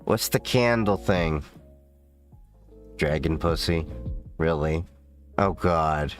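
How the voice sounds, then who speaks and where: A man's voice: extremely low pitch, slow, soft background music. A man hosting a casual livestream, rambling and swearing freely as he reacts to viewer chat from a home setup. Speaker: livestream host.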